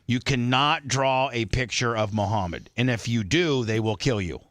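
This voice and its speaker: Radio host, male, bright and forceful tone, rambling casual banter, close dry mic. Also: medium pitch, moderate pace, dry recording. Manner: rambling, animated, laughs a lot. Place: radio studio.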